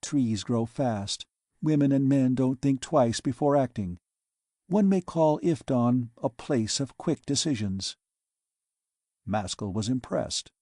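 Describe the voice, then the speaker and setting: Male narrator for classic fiction, measured and even, warm dark voice. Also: mid-range voice, no room sound, clean studio sound. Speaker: audiobook narrator. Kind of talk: scripted narration.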